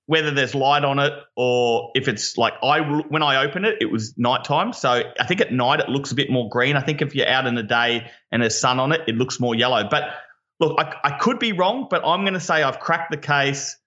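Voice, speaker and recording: A man with an Australian accent, co-hosting a casual podcast in an enthusiastic, excitable way. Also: mid-range voice, fairly quick, lo-fi sound. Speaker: podcast co-host.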